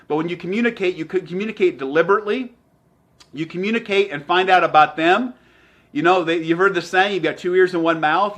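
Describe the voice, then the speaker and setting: A man giving an energetic motivational talk as a sales trainer, emphatic and repeating his phrases. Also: sits high.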